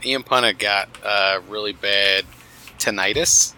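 A man's voice: on the low side, fairly even intonation, measured pace, bright, forceful tone, a little hiss or hum, low-quality recording. A man chatting loosely on a podcast, swearing casually. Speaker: podcast co-host. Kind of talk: casual chat.

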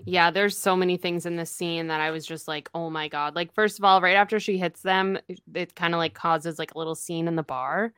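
A woman's voice: fairly low pitch, steady tone, fairly quick, hardly any pauses, fairly bright tone, smooth, no room sound, studio quality. A woman co-hosting a casual book podcast, reading passages aloud and reacting to them with strong opinions. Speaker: podcast co-host. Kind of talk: casual book club chat.

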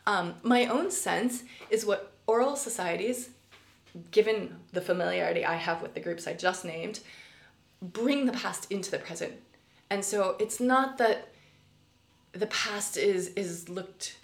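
A middle-aged woman professor speaks to her class in a relaxed recorded lecture, thinking aloud with fillers and self-corrections. Her voice sits at an ordinary middle pitch. The recording has a roomy echo. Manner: thoughtful, conversational, with many fillers and self-corrections. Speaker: college professor. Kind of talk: recorded lecture podcast for students.

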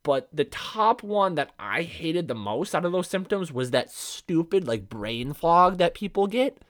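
A man hosts a solo podcast in a loose, brash style, swearing freely and wandering off into side remarks. His voice sits a bit high for a man and swings widely up and down as he talks. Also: sing-song, measured pace, a bit bright. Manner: brash and profane, rambling with asides. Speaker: podcast host. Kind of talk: casual solo podcast monologue.

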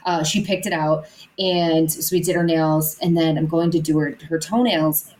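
A woman's voice: low-pitched, steady tone, normal speed, a little mellow, a little hiss or hum, low-quality recording. A young woman co-hosting a podcast, chatting casually and rambling with lots of filler words and restarts. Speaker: podcast co-host. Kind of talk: casual chat.

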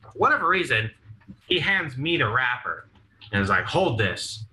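A man's voice: mid-range voice, sing-song, moderate pace, sharp tone, rough recording. A young man casually telling rowdy stories, swearing freely and acting out what people said. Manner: profane, laughing storyteller acting out quotes. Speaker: podcast guest. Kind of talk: casual storytelling.

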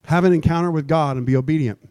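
Man preaching, high voice, dry sound, playful sermon delivery. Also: quick pace, smooth, no echo. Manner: animated, jokey preaching with mock old-fashioned prayer voices. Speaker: pastor. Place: church.

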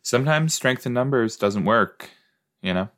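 A man's voice: mid-range voice, lively intonation, normal speed, fairly bright tone. A young man chatting casually as a podcast host reacting to a TV episode, rambling, playful and easily startled. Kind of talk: casual watch-along commentary.

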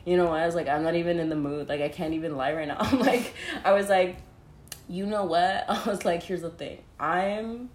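A woman's voice: on the low side, fairly even intonation, normal speed, darkish tone. Laughing young woman in a roomy space. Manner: laughs often, heavy use of "like", swears freely. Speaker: podcast co-host. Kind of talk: casual storytelling. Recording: roomy echo.

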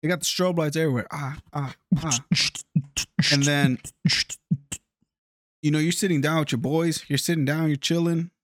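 A man tells a long, profane story on a casual podcast, stumbling and restarting as he builds it up. His voice sits a little high. The close mic sounds dry. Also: fairly even intonation, moderate pace, long pauses, dry recording. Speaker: podcast host.

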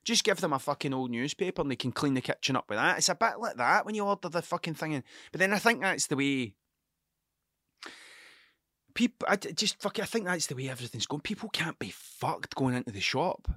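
Sweary hungover man, tense bright voice. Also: on the high side, expressive, quick pace, no room sound, clean studio sound. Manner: heavy swearing, restless, self-mocking. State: hungover and sleepless. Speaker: podcast host. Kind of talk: rambling casual monologue. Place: cluttered room at home.

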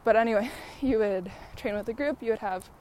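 A woman's voice: on the high side, a little fast, darkish tone, a little hiss or hum. A woman hosting a podcast in casual rambling chat, out of breath from walking uphill, with many fillers. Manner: many fillers, laughs often while talking. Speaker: podcast host.

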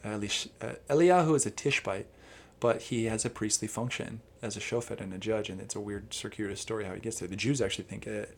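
Gravelly man teaching scripture casually. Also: fairly low pitch, fast, few pauses. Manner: rambling, animated explainer who quotes Hebrew. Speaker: Bible teacher. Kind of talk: casual podcast conversation.

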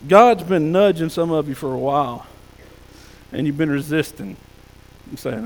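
A male pastor preaching a folksy sermon, sometimes dropping to a soft hush. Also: high voice, animated, moderate pace, big-room sound, low-quality recording. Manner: folksy preaching, drops to soft hushed tones for God's whispers. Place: church sanctuary.

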